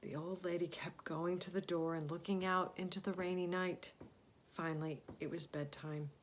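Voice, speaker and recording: A woman storyteller reading a children's story aloud, expressive and often dropping to a hushed whisper. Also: fairly low pitch, normal speed, slight background noise.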